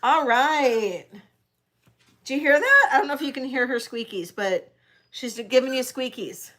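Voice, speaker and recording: A woman's voice: high voice, expressive, measured pace, a bit bright. A woman hosting a live-stream vintage jewelry sale, chatting directly with her viewers. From Detroit area, United States. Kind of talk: live-stream auction chat.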